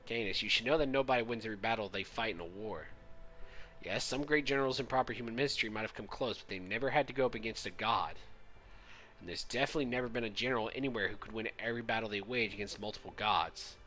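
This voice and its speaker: A man's voice: lowish voice, quick pace, bright, forceful tone, a little hiss or hum. A man reading as an earnest, lecturing swordswoman. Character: level-headed female swordswoman, adult.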